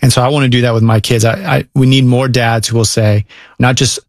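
A man's voice: mid-range voice, flat delivery, fast, no room sound, studio quality. A man speaking earnestly in a conversation about being a father, with a preacherly emphasis. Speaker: guest speaker on parenting.

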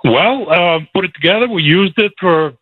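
A man's voice: sits high, expressive, normal speed, slightly rough, no echo. Storytelling man on a tinny phone line. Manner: chuckling storyteller, gets emotional. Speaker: guest on phone. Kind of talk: personal storytelling.

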